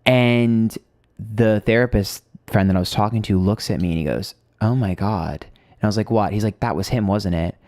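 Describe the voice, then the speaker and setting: Livestream host, male, lowish voice, chatty storyteller who swears a lot, dry close sound. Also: normal speed, darkish tone, dry recording. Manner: chatty storytelling, swears freely, greets viewers. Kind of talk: casual livestream chat.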